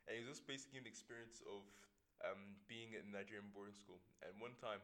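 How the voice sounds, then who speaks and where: A man's voice: on the low side, fast talker, fairly bright tone. A young man from Ireland talking casually as co-host, rambling and often laughing. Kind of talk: casual chat.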